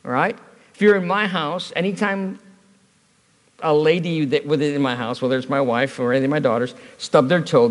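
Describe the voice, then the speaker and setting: A man preaching an evening sermon as pastor, conversational and storytelling, asking the congregation rhetorical questions. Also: sits high. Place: church. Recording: church hall reverb.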